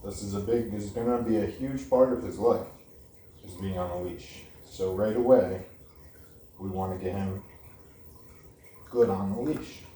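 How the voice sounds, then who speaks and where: A man's voice: lowish voice, unhurried, long pauses, warm tone. A man giving a casual dog training lesson, blunt and repetitive, often checking in with "okay?". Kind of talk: casual instructional talk. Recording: roomy, distant camera audio with faint noise.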